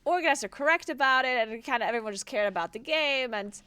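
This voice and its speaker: A young woman streamer talks loosely to her chat while playing, her higher voice swinging up and down a lot. She leans on "like" and casual swearing, and the sound is close and dry. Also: expressive, fast, sharp tone, smooth, dry recording. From South Tyrol. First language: German dialect. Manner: chatty, many "like" fillers, swears, laughs often.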